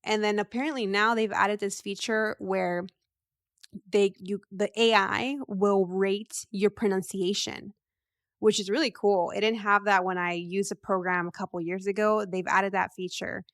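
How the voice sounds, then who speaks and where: A woman's voice: mid-range voice, little pitch movement, measured pace, no echo, studio quality. A woman in her thirties hosting a podcast in a casual, rambling way, laughing often. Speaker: podcast host.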